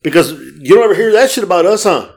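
A man co-hosting a podcast, ranting in casual chat with plenty of swearing. His voice sits a little higher than most men's. He talks in an animated, profane way. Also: fast, breathy edge. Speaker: podcast co-host.

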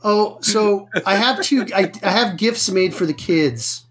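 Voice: medium pitch, unhurried, fairly bright tone. A player chatting casually during a tabletop game, joking and rambling.

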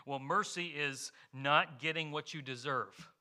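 Male pastor, sermon delivery; brightly edged, somewhat high voice, earnest, poses questions to the congregation. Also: measured pace. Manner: earnest preaching with rhetorical questions; explains with homely examples.

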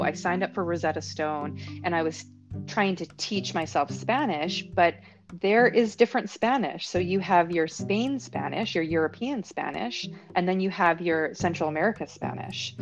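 A woman hosting a podcast, chatting and explaining things in a relaxed way, laughing easily. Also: fairly low pitch, dull audio. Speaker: podcast host. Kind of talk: casual podcast chat.

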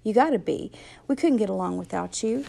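A woman reading a worried teenage boy forcing calm. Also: medium pitch, a little fast, creaky. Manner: forced, firm reassurance. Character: worried teenage boy trying to sound brave.

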